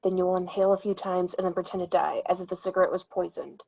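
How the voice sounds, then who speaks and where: A woman's voice: fairly low pitch, fairly even intonation, a little fast. A woman reading the part of a desperate middle-aged male doctor held captive, clipped and insistent, in an amateur table read. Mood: urgent whisper. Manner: clipped, insistent, rising to shouting. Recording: dull lo-fi mic.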